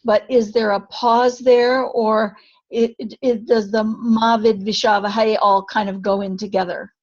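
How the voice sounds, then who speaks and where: Slow, halting woman student, muffled lo-fi call audio. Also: a little high, level tone. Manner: hesitant, many restarts. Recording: muffled call with rain noise.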